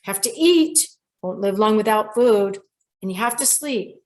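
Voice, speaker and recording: A woman's voice: mid-range voice, lively intonation, measured pace. An older woman hosting a talk show about dreams, telling a client's story and acting out the quoted voices. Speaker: show host, dream expert.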